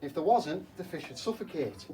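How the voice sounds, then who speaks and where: A man's voice: fairly high pitch, animated, moderate pace, dark tone. A man working as an aquarium technician, playfully explaining to children while he cleans a school tank, asking them questions along the way. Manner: playful, chatty, asks the kids rhetorical questions. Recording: slightly distant mic with faint hum.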